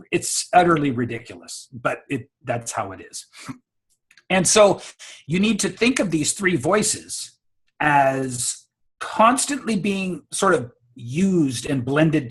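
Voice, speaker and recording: A man from the United States talks as a guest on an interview, laying out ideas like a teacher at the front of a class. He is expressive and laughs easily. His voice is husky and sits a little high for a man. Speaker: guest speaking coach. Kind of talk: conversational interview, explaining.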